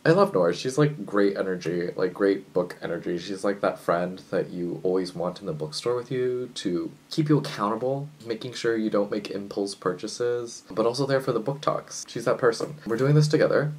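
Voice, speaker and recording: A man's voice: lowish voice, rough recording. Jittery, chatty young man vlogging. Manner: jittery, chatty and excitable, with quick swings between loud enthusiasm and soft musing. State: jittery from coffee. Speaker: book vlogger. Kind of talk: casual vlog chat.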